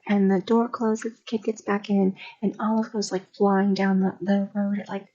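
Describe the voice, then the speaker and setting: Rambling woman with a mellow, lo-fi voice. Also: mid-range voice, level tone, moderate pace. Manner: rambling, gossipy, lots of fillers. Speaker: streamer. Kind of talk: casual ASMR ramble.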